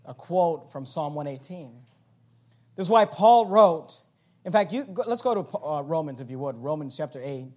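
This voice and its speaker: A male preacher with a high voice delivers an evening sermon. He reads scripture aloud and poses questions to his listeners, then answers them. His delivery swings between loud emphatic bursts and quieter asides. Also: expressive, moderate pace.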